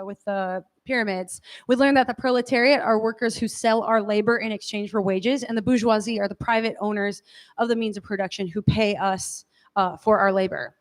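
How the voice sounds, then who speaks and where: A woman teaching a class in a conversational lecture style, often checking in with her listeners. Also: a little high.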